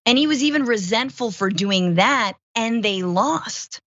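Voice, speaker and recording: A woman's voice: a little high, expressive, measured pace, fairly bright tone, dry recording. Woman fill-in host, sarcastic political banter, dry dull lo-fi sound. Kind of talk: casual political chat.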